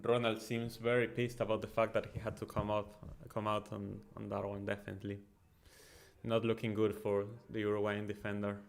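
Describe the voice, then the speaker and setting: A man hosting a football watchalong, giving excitable, chatty live commentary with frequent ums and uhs. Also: fairly low pitch, brisk, creaky. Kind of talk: casual live match commentary and chat.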